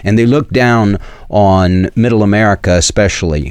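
A Southern man with a very deep, low voice delivers preachy talk-radio commentary. He speaks earnestly, stumbles through fillers and restarts, and sounds close and dry on the mic. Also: normal speed, clear, resonant tone, no echo. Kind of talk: opinion commentary with scripture.

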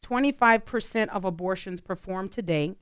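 A woman's voice: medium pitch, normal speed, clear, resonant tone, no echo, studio quality. A woman co-hosting a radio talk show, chatting earnestly with plenty of fillers. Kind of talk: casual talk radio chat.

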